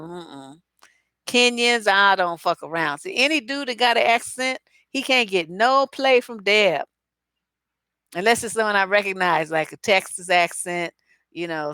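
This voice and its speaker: A woman gives dating advice live with blunt, salty humor and lots of repeated asides. She sounds close to the mic in a dry room with no echo. Her pitch sits mid-range for a woman. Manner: blunt, profane, acerbic and animated, with asides and mock dialogue. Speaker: relationship coach. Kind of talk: live-stream advice chat.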